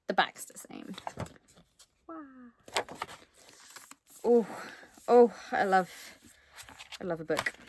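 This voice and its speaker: Woman, low voice, dry close sound, excitable casual unboxing chat. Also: no echo. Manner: excitable and chatty, with frequent ums and soft asides. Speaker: book unboxing vlogger.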